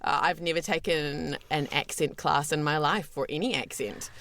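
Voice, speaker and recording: Low, gravelly New Zealand woman. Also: moderate pace, fairly bright tone. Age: 30s. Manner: earnest and candid, with many restarts. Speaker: guest voice actor. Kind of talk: casual interview chat.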